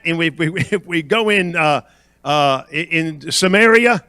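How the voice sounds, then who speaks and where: A guest preacher delivers a church sermon, emphatic and repetitive, quizzing the congregation and repeating phrases with rising intensity. His voice is on the high side, expressive and bright, with a forceful tone and a slightly slow pace. There is no room sound.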